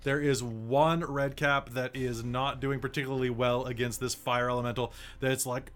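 Bright-voiced casual male game master. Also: medium pitch, little pitch movement, normal speed, hardly any pauses. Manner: casual, rambling with fillers. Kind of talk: narrating a tabletop game.

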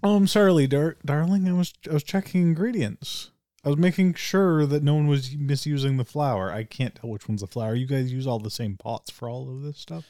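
A man's voice: a little high, fairly quick, dark tone, dry recording, studio quality, natural voice. A man voicing a fussy, scatterbrained old lady who calls everyone darling, in a tabletop role-play. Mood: flustered. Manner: flustered, gushing, calls people darling.

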